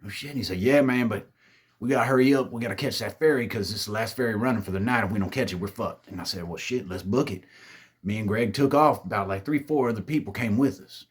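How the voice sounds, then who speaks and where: A man's voice: on the low side, fast, slightly rough. A man telling a spooky party story in a laid-back, drawling, heavily profane way, acting out his friends' lines. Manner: laid-back, drawling, swears a lot, acts out quoted friends.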